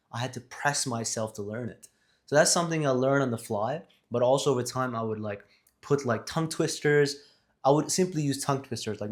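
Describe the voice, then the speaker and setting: Guy sitting in front of his camera giving communication tips, mid voice, rambles and corrects himself a lot. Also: medium pitch. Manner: rambling, self-correcting, emphatic. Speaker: vlogger on communication skills. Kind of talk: casual talk to camera.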